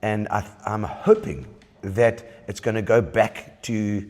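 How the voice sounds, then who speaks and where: A man's voice: lowish voice, takes it slowly, big-room sound. Laughing South African man telling stories. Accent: South African English, Eastern Cape. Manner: animated storyteller, laughs often, many restarts. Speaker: podcast guest, entertainer. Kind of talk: casual chat. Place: bowling club.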